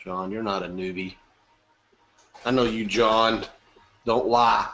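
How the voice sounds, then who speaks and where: A man's voice: lowish voice, steady tone, takes it slowly, a bit bright, dull audio. A man hosting a live webinar, chatty and upbeat, greeting attendees by name and joking. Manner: upbeat, chatty, reading names aloud and joking. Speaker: webinar host.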